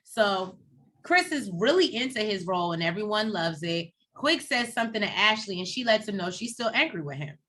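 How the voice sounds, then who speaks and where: Woman, co-host, casual recap chat, bright tone, chatty retelling. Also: medium pitch, normal speed. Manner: chatty, animated retelling with quoted voices.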